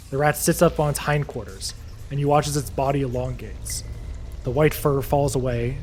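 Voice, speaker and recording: A man's voice: medium pitch, a little mellow, a little hiss or hum. Man narrating as dungeon master. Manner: vivid descriptive narration. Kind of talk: narrating a tabletop game.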